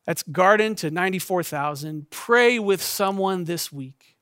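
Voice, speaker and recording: A man in his thirties, a pastor, giving a sermon in a gentle, intimate storytelling way that often sinks to a soft hush. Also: high-pitched, animated, measured pace, clean tone, dry recording, studio quality.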